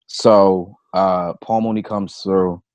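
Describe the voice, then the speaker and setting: A man's voice: sits low, steady tone, slow, darkish tone, no echo. A comedian on a podcast, a man telling a loose, profane anecdote in casual chat. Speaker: comedian guest.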